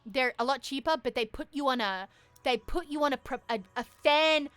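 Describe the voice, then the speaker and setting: A woman's voice: sits high, normal speed, a bit bright, smooth, no echo. A young woman streamer telling a story casually, acting out both sides of a conversation and swearing freely. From Australia.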